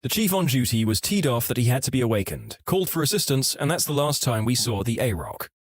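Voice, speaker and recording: Man reading online stories aloud; wry, lively delivery, mid pitch, dry close sound. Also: fast talker, dry recording. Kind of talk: scripted narration of online stories.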